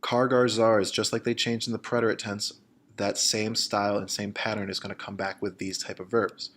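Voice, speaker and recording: Low-voiced man teaching a grammar lesson. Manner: steady explanatory pace, slows to spell out examples. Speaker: Spanish teacher.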